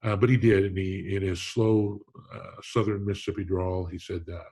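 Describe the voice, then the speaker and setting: Husky-voiced man telling stories. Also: deep voice, level tone, normal speed. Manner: earnest, warm storytelling with frequent restarts. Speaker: Hall of Fame president, interview guest. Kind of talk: storytelling in a conversational interview.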